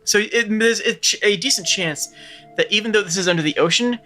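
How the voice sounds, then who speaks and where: A man's voice: high-pitched, fairly quick, bright, forceful tone, faint music behind. A man streaming a retro game, chatting casually and explaining things with loose fillers into a close mic.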